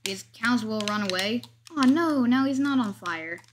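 A woman hosts her own gameplay video, talking through each step in a casual, chatty way. She pokes fun at her own mistakes as she goes. Her voice sits a little high, and faint keyboard and mouse clicks run underneath. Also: animated, moderate pace, background noise. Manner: chatty, narrates every move, jokes about herself.

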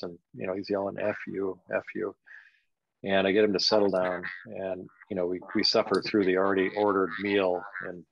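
An older man tells a personal story on a podcast, pausing often and leaning on "you know" as he reflects. His voice sits low and gravelly, with a creaky edge. The recording is dry and a little dull, like a basic lo-fi setup. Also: dry recording. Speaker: guest.

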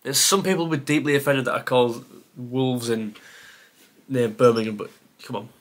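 A man talking himself through a timed quiz, half muttering and often sighing. His pitch sits at an ordinary middle level, and he pokes fun at himself between answers. It sounds like a casual creator video. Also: moderate pace. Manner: mutters to himself, sighs, self-deprecating. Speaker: football content creator. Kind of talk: thinking aloud during a timed quiz.

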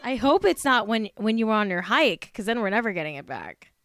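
A woman's voice: mid-range voice, very animated, brisk, a bit bright, no room sound, clean studio sound, soft background music. A woman hosting a casual celebrity gossip podcast, sarcastic and exasperated, swearing freely. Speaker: podcast host.

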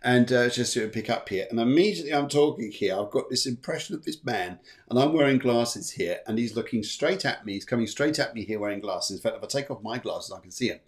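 A man's voice: mid-range voice, expressive, a little fast. A man hosting a live psychic show, giving readings in a chatty, rambling way, correcting himself often and joking between readings. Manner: rambling, self-correcting, jokey, many fillers. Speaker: psychic medium and show host.

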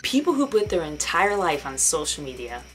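A woman's voice: low voice, big pitch swings, moderate pace, music in the background, poor audio. A young woman ranting in a casual vlog, sarcastic and profane, slipping into mocking voices. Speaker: vlogger.

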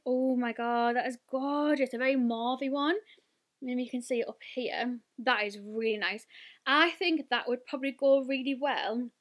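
Gushing high-voiced British woman. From United Kingdom. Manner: gushing, chatty, lots of "like" and "oh my god". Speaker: beauty vlogger. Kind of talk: excited unboxing and swatching.

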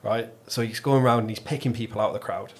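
A man's voice: on the low side, steady tone, quick pace. An English man hosting a podcast, telling an anecdote in casual chat with lots of swearing. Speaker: podcast host.

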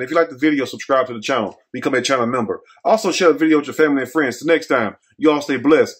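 A man's voice: a little high, breathy edge. A man hosting a commentary vlog, talking in a folksy, scolding, preachy way. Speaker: host.

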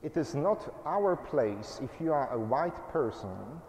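A man delivers a sermon in short, measured phrases, taking his time over each one. His mid-pitched voice carries through a roomy church with a long, trailing reverb. A faint hum of room ambience sits behind him. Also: big pitch swings, a little mellow. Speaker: pastor.

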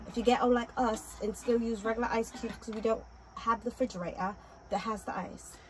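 A woman's voice: a little high, steady tone, a little fast, crowd noise, rough recording. A woman co-hosting a music reaction video at home, chatting casually, teasing her partner and swearing freely. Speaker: co-host of a reaction channel. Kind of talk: casual chat.

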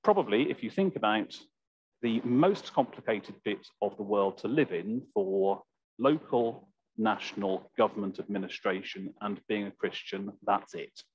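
A man preaching a sermon in church, slow and reflective, with a slightly croaky voice. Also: on the low side, no room sound. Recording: dull, lo-fi church recording.

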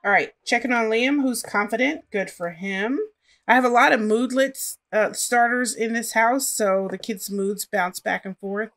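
A woman's voice: a little high, measured pace, fairly bright tone. A woman casually commenting on her life-simulation gameplay and chatting to her characters as she plays. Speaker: gaming channel host.

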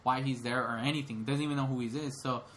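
A man's voice: mid-range voice, steady tone, quick pace, a bit bright, slight background noise. A young man co-hosting a podcast, retelling a film in casual chat, rambling with lots of fillers and restarts. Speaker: podcast co-host.

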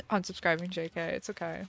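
This young woman streamer has a lowish, creaky voice with little pitch movement, talking a little fast. She giggles and chats casually, reading viewer messages aloud while soft music plays.

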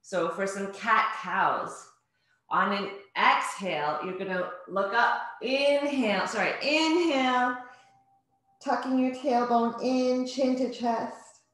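A woman's voice: fairly high pitch, slow pace, fairly bright tone. A woman fitness instructor leading a home workout class, cueing breathing and movement step by step with encouragement. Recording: very echoey room.

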